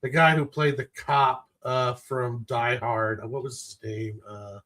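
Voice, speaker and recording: A man's voice: medium pitch, fairly even intonation, unhurried, bright, forceful tone. A man on a casual panel. He reminisces fondly and hesitantly, with fillers and small restarts.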